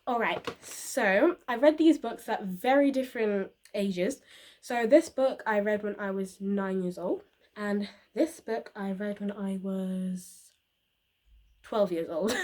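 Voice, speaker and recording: A young woman chatting casually about books for her channel, rambling with fillers and little laughs. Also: medium pitch. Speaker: book reviewer. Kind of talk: casual book review vlog.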